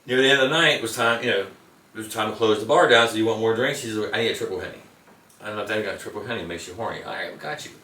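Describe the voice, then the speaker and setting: A man with a fairly low yet bright, forceful voice rattles off rambling anecdotes at a quick clip. He sits a bit back from the mic, and the room gives his voice an echoey ring. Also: distant mic. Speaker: interview guest. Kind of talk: casual storytelling.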